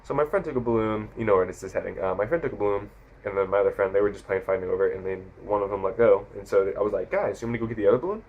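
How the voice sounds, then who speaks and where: A man's voice: on the low side, rapid-fire, lo-fi sound. A sixteen-year-old boy vlogger rambling through stories into his camera mic, often correcting himself. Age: teens. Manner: rambling, self-correcting, animated retelling. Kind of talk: casual storytelling to camera.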